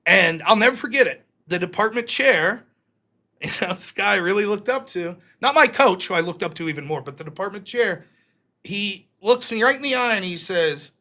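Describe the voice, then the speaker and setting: A man in his thirties with a high-pitched voice hosts a live stream at a moderate pace, telling a long personal story. He swears a lot and animatedly acts out the voices of the people he quotes.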